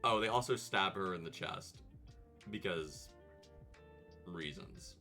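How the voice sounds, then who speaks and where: A man streaming comedic movie commentary, animated, profane and sarcastic. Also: deep voice, slow pace, soft background music.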